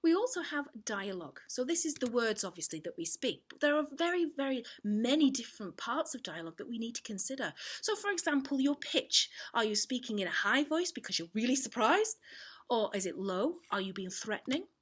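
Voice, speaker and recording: A woman teaching an online drama lesson, explaining clearly and demonstrating examples with her voice. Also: a little high, big pitch swings, fairly quick. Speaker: performing arts teacher.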